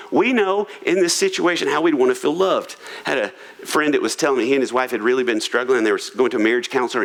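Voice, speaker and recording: A man's voice: mid-range voice, rough recording. A man preaching a sermon in a humorous, conversational, self-deprecating way. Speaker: pastor. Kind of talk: sermon on marriage. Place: church auditorium.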